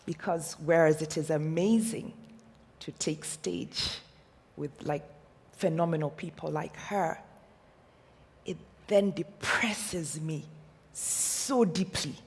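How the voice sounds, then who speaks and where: A woman's voice: sits low, slow pace, long pauses, darkish tone, slightly rough, long reverb tail. A Kenyan woman giving a passionate motivational talk from a stage, firing off rhetorical questions. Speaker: speaker. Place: stage in a large hall.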